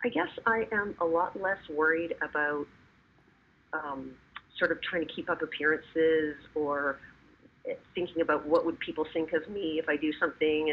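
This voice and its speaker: A woman's voice: low voice, slightly rough. A woman taking part in a webinar, talking casually and a little hesitantly. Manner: hesitant, self-conscious. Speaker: webinar participant. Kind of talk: casual storytelling. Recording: tinny phone-like call audio.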